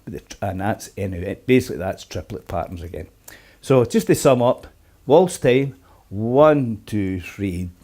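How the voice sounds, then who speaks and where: A man's voice: on the low side, lively intonation, moderate pace, warm tone. A middle-aged man giving a casual guitar lesson at home, chatting loosely and counting beats aloud. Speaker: guitar teacher. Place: apartment. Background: guitar playing.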